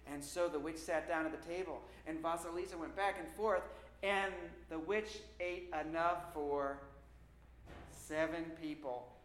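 Brief: a man narrating a ghost story with lively suspense and drawn-out pauses, recorded in a roomy echoey space. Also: on the high side. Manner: animated, suspenseful, dramatic pauses. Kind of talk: spooky folktale storytelling. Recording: echoey room with faint noise.

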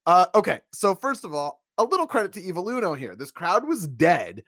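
A man with a fairly high voice that swings up and down a lot, chatting about wrestling. He rambles and corrects himself mid-sentence. The recording is dry and close. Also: very animated, a little fast, fairly bright tone, no room sound. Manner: rambling, self-correcting, laughs often. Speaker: wrestling podcast co-host. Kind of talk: casual recap chat.

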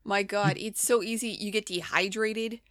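A woman's voice: mid-range voice, steady tone, moderate pace, a bit bright, dry recording. Wry, laughing woman co-host. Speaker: podcast co-host. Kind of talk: casual chat.

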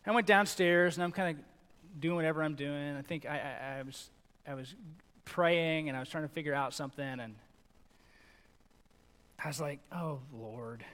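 Middle-aged male pastor, conversational and animated preaching, slightly higher voice, echoing sanctuary reverb. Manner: conversational, animated, acts out quotes. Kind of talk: sermon. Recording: long reverb in a large hall.

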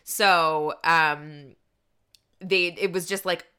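A woman's voice: fairly low pitch, fairly even intonation, drawn-out words, pushed and bright, clear, resonant tone. A woman comedian co-hosting a podcast, talking casually with lots of fillers and restarts. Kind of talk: casual chat.

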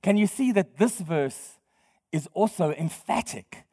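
A pastor preaching a sermon in a conversational way, quizzing the congregation and laughing often. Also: male voice, high voice, lively intonation, unhurried, mellow, breathy edge. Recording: long hall reverb.

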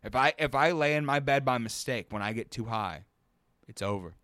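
A man telling a work story over a podcast mic, swearing freely and rambling through it, breaking into laughter. His voice sits at an ordinary middle pitch. The sound is dry and close. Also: normal speed, fairly bright tone, dry recording. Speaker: podcast co-host. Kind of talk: casual storytelling chat.

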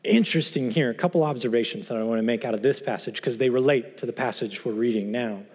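A man's voice: medium pitch, quick pace, a little mellow, husky. A man teaching through a Bible passage, earnest and emphatic, posing rhetorical questions to his listeners. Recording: long hall reverb.

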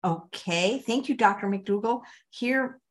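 A woman's voice: mid-range voice, slow pace. A woman hosting a podcast, reading listener questions aloud in a plain, matter-of-fact way.

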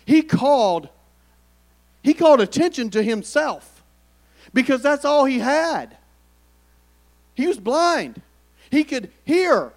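A man preaches to his congregation in a high voice. He keeps it conversational and calls on the listeners to answer him back. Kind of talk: sermon.

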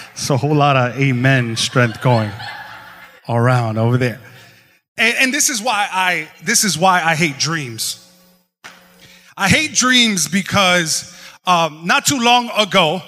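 A man preaching a sermon as pastor, telling a lively story and prompting the crowd. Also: high voice. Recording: long hall reverb with music behind.

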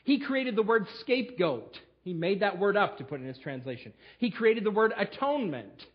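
Emphatic preacher with a dull recording. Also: male voice, sits high, big pitch swings, normal speed. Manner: emphatic storytelling, fillers and restarts. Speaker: pastor. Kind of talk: sermon. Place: church sanctuary.

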